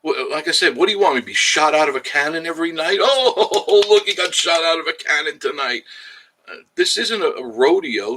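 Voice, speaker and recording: A man chatting casually on a livestream, reading viewer comments out loud and answering them as he goes. His voice is bright and forward, and his talk rambles along in a frank, easygoing way. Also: medium pitch, rough recording. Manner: rambling, chatty and candid, with frequent laughs. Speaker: livestream host.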